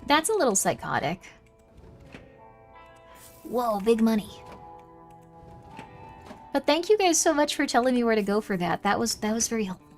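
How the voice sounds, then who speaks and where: Young woman streamer chatting w her chat while she plays, kinda high voice, faint music under. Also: sing-song, normal speed, long pauses. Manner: chatty, reacting aloud to chat and muttering to herself. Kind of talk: casual livestream chat while gaming.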